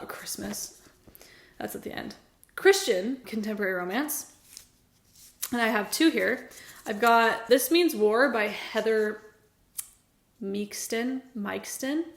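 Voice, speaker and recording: A young woman with a fairly high voice chats earnestly about books she loved, gushing and laughing easily. Her voice rings in an echoey room at home. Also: creaky, a bit bright. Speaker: book vlogger. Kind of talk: casual book review chat.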